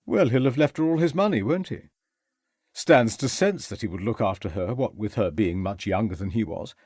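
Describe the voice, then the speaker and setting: A man's voice: fairly low pitch, lively intonation, moderate pace, a little mellow, breathy edge, no room sound, studio quality. A male audiobook narrator voicing a tipsy, rambling young upper-class man who slurs and chatters on in self-pity. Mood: breezy. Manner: slurring, chatty, self-pitying.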